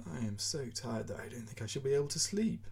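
A man's voice: mid-range voice, big pitch swings, brisk, creaky, darkish tone, slightly rough, full character voice. A man voicing a weary, self-pitying male writer who complains and whines, in a storybook reading. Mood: complaining. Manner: whining, complaining.

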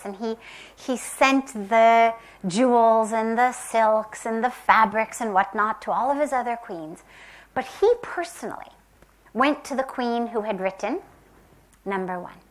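A woman from the United States telling a spiritual parable in a soft, gentle, reflective way, sometimes dropping to a whisper. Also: on the high side. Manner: slow, gentle and reflective, with long pauses. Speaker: spiritual teacher. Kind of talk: spiritual storytelling talk.

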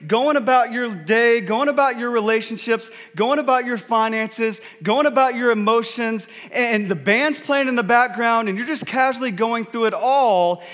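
A male pastor delivers a sermon to his congregation, easygoing and jokey, telling stories like he's chatting with friends. His voice sits high for a man, and a long reverb trails each phrase through the large church hall. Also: animated, a little slow, a bit bright. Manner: conversational, jokey storytelling preaching.

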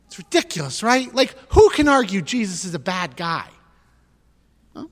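A man preaching a conversational sermon, animated and full of rhetorical questions. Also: high voice, moderate pace, long reverb tail. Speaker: pastor.

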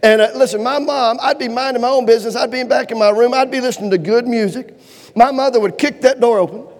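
Folksy preacher guy with a really high voice, cracking jokes, big echoey church hall. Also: fast. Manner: folksy, animated, calls for amens and shows of hands. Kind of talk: humorous sermon. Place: church auditorium. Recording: long reverb of a large hall.

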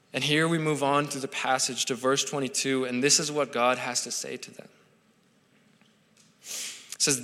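A man's voice: mid-range voice, bright, forceful tone. A man preaching a sermon in an earnest way, building to impassioned pleading. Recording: long hall reverb.

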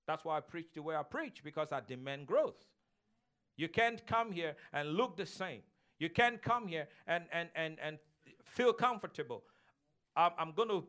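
A man's voice: high-pitched, fairly bright tone. A man pastor preaching a sermon in a church sanctuary, emphatic and repetitive, calling on the congregation to repeat after him.

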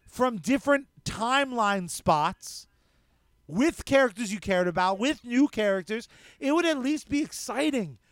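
A man's voice: extremely high pitch, fairly bright tone, no echo. A man co-hosting a casual podcast, ranting heatedly and cursing freely. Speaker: podcast co-host.

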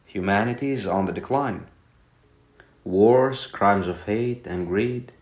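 A man's voice: on the low side, slow pace, a little mellow, echoey room. A man voicing a weary male professor in a bedtime story, speaking in a downcast, confessional way.

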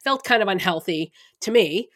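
A woman's voice: mid-range voice, lively intonation, moderate pace, a bit bright, dry recording, clean studio sound. A middle-aged woman co-hosting a podcast, talking casually with many restarts and laughing through hard moments. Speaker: podcast co-host. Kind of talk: casual conversation.

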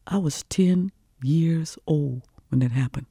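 An older woman storyteller telling a childhood story in an animated, rhythmic way, with lots of repetition. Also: low-pitched, takes it slowly, husky, no echo, studio quality. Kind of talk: oral storytelling performance.

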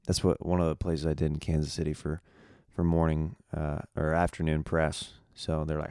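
A man's voice: extremely low pitch, little pitch movement, normal speed, dark tone, no echo, clean studio sound. A young man hosting a podcast in a laid-back, slangy way, with a groggy morning voice. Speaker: podcast host. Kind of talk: casual podcast chat.

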